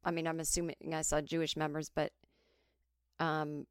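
A woman's voice: low-pitched, normal speed, clean tone, no room sound, studio quality. A woman in her forties telling a comic story in a chatty way, briefly putting on voices of other people. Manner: chatty, animated impressions of others. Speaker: podcast host. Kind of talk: solo comedic storytelling.

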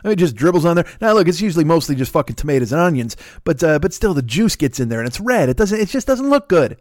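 A middle-aged man with a Chicago accent telling a profane, animated story in casual chat, swearing often and laughing between lines. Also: a little high, fast, no room sound, clean studio sound. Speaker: podcast host.

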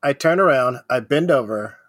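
A man playing in a tabletop role-playing game, speaking in a slow, halting, playful way. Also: mid-range voice, animated, fairly bright tone, no echo, studio quality. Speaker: player.

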